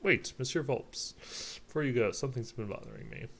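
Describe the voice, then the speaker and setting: A man reading the part of an excitable young male bird assistant to a lawyer in a video game, blunt and teasing. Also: mid-range voice, fairly quick, natural voice. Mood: incredulous.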